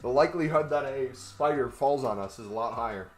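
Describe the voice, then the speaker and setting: A man's voice: mid-range voice, fairly quick, faint music behind. A man chatting casually on a gaming livestream, rambling and joking while he walks on a walking pad. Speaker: gaming streamer.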